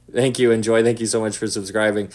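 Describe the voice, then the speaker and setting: A man giving casual Bible teaching to an online audience. He talks in an animated way and drops to a hushed voice for emphasis. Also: fairly low pitch. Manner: animated, acts out quotes, drops to a hush for emphasis.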